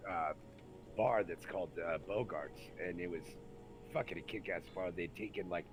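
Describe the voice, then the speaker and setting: A man's voice: sits low, normal speed, noisy background. A man from California telling rowdy army stories in casual, profane chat. He acts out the people in his stories and talks with plenty of fillers. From Santa Rosa, California, USA. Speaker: storyteller recalling army days.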